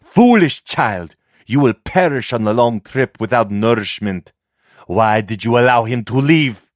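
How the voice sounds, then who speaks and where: A man's voice: medium pitch, expressive, a little slow, no room sound, studio quality, pitched above the performer's own voice, lightly acted. A man voicing a stern alien mother who barks clipped orders in a raised voice. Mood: angry.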